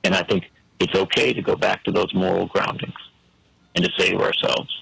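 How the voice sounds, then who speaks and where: A man's voice: low voice, steady tone, brisk, creaky, sharp tone, husky, no room sound, low-quality recording. A man giving an emphatic, preacherly political commentary on a talk show, full of rhetorical questions.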